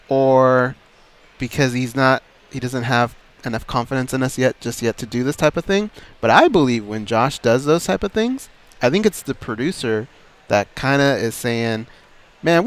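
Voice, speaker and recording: Easygoing male radio co-host. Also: medium pitch. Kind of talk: casual chat.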